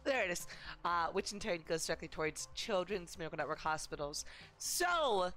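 Woman, charity streamer, casual chat, bubbly, animated pitch. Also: normal speed, soft background music. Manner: bubbly, says "like" often. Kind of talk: casual live-stream chat over gameplay.

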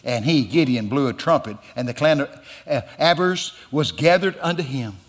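A man preaching a guest sermon in a church, dramatic and emphatic, building to loud peaks. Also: mid-range voice, expressive, normal speed. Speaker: guest pastor. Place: church sanctuary. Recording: church hall with long reverb.

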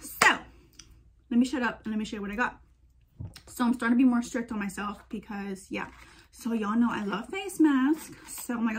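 A young woman vlogger chatting excitedly to her viewers about what she bought, calling them girl and y'all. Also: on the high side, moderate pace, a little hiss or hum. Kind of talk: casual haul vlog chat.

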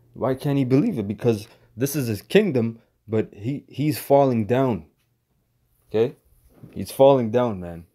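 A man's voice: mid-range voice, animated, slow, pauses often, warm tone, breathy edge. A man casually teaching scripture verse by verse, slangy and loose, dropping "man" into nearly every sentence. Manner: slangy, repeats "man" often, frequent restarts. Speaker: bible teacher.

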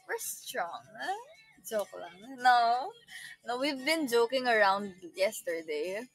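A woman's voice: fairly high pitch, animated, unhurried, dry recording, poor audio. Giggly bubbly young Filipino woman. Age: 20s. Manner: giggly, bubbly, reads and answers viewer comments. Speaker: livestream host. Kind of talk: casual livestream chat.

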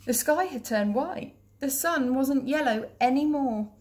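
A woman teacher reading a children's picture book aloud in a clear, steady, gentle voice. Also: sits high, unhurried, a little hiss or hum.

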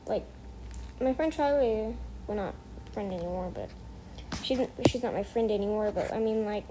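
A woman's voice: medium pitch, normal speed, noisy background. A female gamer chatting casually over her gameplay, rambling, correcting herself mid-sentence and slipping into mock outrage. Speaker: gameplay streamer.

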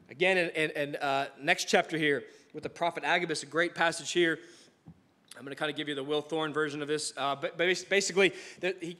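A man preaching a sermon in a church, telling stories in a casual, animated way with frequent restarts. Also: high voice. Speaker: pastor.

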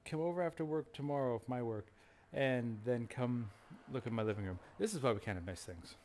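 A man's voice: medium pitch, a little fast, a little mellow, slight background noise. A man joking and teasing his friends in casual chat while setting up an online game. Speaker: gamer in a party chat.

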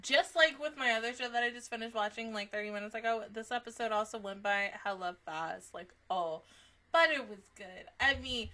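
A young woman's chatty anime reaction with a bright, forceful edge to her voice, pitched a touch high. She gets excitable, laughs often, and swears casually as she gushes about the episode. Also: fairly quick.

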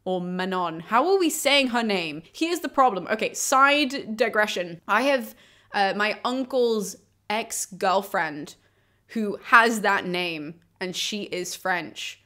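A young woman who reviews books chats casually and enthusiastically about a book series, throwing in asides and strong opinions. Her mid-range voice has a sharp tone and lively intonation, and she takes her time.

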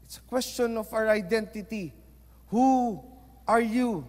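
A Filipino-accented man preaching, his voice sitting high for a man. He drops to near-whispers, then rises to forceful emphasis, slipping Tagalog phrases into his English. Long reverb trails each line, as in a church hall. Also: a little slow. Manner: swings between hushed and emphatic delivery. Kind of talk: sermon.

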